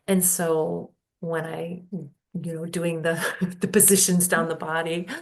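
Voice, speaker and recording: A woman holistic healing practitioner, telling stories in a casual podcast conversation, unhurried and halting with many fillers. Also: lowish voice, little pitch movement, creaky.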